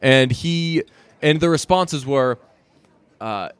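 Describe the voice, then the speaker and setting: A man's voice: medium pitch, takes it slowly, smooth, no room sound. Profane ranting man, faint Boston tinge. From Boston area. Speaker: podcast co-host. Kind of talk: casual sports chat.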